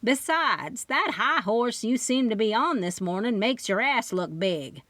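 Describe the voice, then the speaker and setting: A woman narrator voicing a sharp-tongued older Southern aunt who teases bluntly, read in a dry studio. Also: fairly high pitch, animated, unhurried, no room sound, pitched above the performer's own voice. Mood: sassy. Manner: teasing, blunt.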